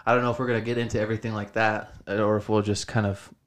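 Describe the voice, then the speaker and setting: A man's voice: on the low side, flat delivery, very fast. A young man hosting a casual podcast from his home studio, swearing a lot and saying "dude" constantly as he rambles. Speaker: podcast host.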